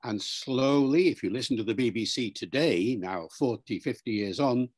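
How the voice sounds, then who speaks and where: An older man answering an interviewer's questions in a measured, lecturing way, spelling out words and demonstrating pronunciations. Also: medium pitch, darkish tone. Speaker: linguist being interviewed.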